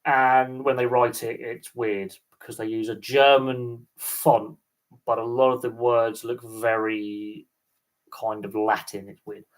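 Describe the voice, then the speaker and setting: A man from England hosting a live stream, chatting casually in a rambling, animated way. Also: medium pitch, slow pace. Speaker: host.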